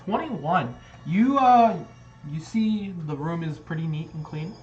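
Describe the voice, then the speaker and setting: High-voiced man running a tabletop game. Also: animated, measured pace, darkish tone, echoey room, lo-fi sound. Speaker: game master.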